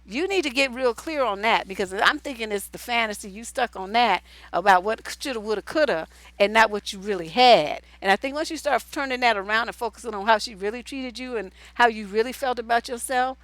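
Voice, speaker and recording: A woman's voice: a little high, a little fast, hardly any pauses, fairly bright tone, no echo. Blunt, profane woman advice host. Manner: blunt, casual and profane, with asides while reading. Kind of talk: livestream advice show, reading viewer letters.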